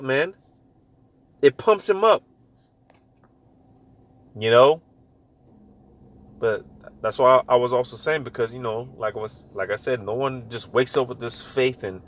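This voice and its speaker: A man giving a casual, animated spoken sermon, with loose talk full of fillers and repeated words. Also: medium pitch. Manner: repeats words while searching. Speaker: lay preacher.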